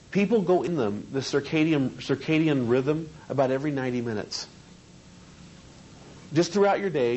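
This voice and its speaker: A man's voice: mid-range voice, darkish tone, a little hiss or hum, poor audio. A man teaching a seminar on hypnosis in a training room, talking conversationally and asking the group questions.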